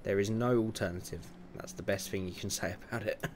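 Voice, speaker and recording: A man's voice: lowish voice, fairly even intonation, a little fast, a little mellow, a little hiss or hum. A man in his twenties streaming a racing management game, chatting casually and muttering to himself as he adjusts car setups. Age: 20s. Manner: chatty, muttering to himself while tweaking settings, chuckling asides. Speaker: livestream gamer. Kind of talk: casual livestream commentary.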